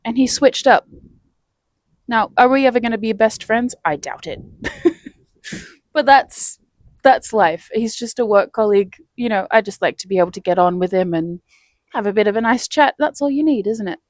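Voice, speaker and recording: A woman's voice: a little high, moderate pace, no room sound. Brief: chatty woman vlogger, dry close sound, easy laughs between lines. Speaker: self-help vlogger. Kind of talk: casual storytelling to camera.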